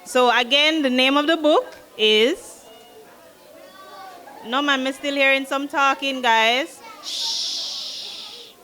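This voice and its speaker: A woman with a high, bright voice speaks to a group of children as their guest reader. She is chatty and playful, and she engages them before reading aloud. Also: takes it slowly, long pauses.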